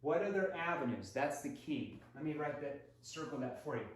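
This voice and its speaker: Animated male sales trainer, very echoey. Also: fairly high pitch, moderate pace, hardly any pauses, slight background noise. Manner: demonstrative, acts out prospect and seller lines with shifting tone. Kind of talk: recorded sales training lesson. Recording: very echoey room.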